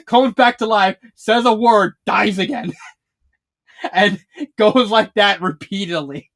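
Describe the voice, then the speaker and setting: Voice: mid-range voice, slow, a bit bright. A fanfiction reviewer talking casually, rambling with many restarts and fillers and laughing often while retelling scenes.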